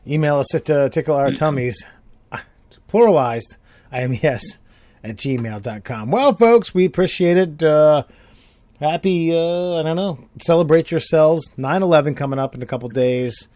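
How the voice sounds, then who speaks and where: A man's voice: fairly high pitch, moderate pace, a little mellow, no room sound. A man co-hosting a podcast in casual chat, blunt, brash and profane. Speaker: podcast co-host.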